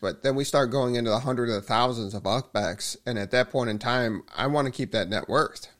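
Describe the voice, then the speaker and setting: A man's voice: medium pitch, brisk, a bit bright. A man co-hosting a podcast in casual chat, telling a story with many false starts and repeats. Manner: storytelling with frequent restarts. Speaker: podcast co-host.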